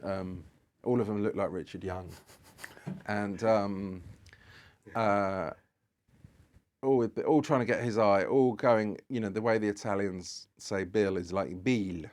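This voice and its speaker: Low-voiced rambling British man. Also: fairly even intonation, a little slow, darkish tone. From Britain. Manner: rambling, with many fillers and restarts. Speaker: guest photographer. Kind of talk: anecdotal podcast storytelling.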